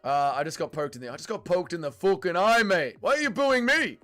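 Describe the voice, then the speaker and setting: A man putting on the voice of an aggrieved male heavyweight fighter, complaining loudly and exasperated. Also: high-pitched, lively intonation, fairly quick, soft background music.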